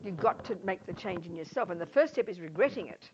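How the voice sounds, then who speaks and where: A woman's voice: lowish voice, lively intonation, fast. A Buddhist nun teaching a class in an informal, emphatic way, often acting out little scenes as she explains. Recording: dull lo-fi sound, faint noise.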